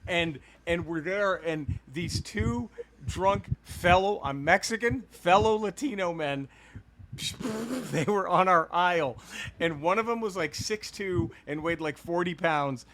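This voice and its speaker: A man's voice: high-pitched, slow pace. A man and podcast co-host telling a long, profane childhood story in casual chat, laughing as he goes. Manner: animated, profane, laughs through stories.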